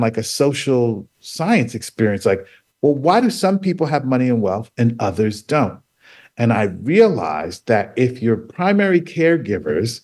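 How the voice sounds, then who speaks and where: A man telling his own story as a guest on a radio talk show, acting out what other people said. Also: mid-range voice. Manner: animated storyteller, acts out quoted voices.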